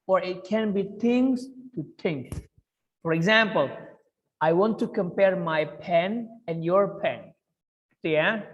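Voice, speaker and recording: A woman's voice: lowish voice, takes it slowly, in a large hall, highs cut off. A woman with an Indonesian accent teaching English grammar, coaxing and repeating words for her pupils.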